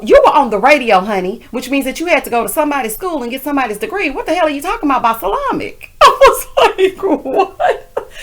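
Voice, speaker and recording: A sassy woman hosting a casual TV recap rant. Her voice sits a little high and swings widely in pitch, lively and animated as she roasts the episode and calls her viewers honey. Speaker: TV recap reviewer.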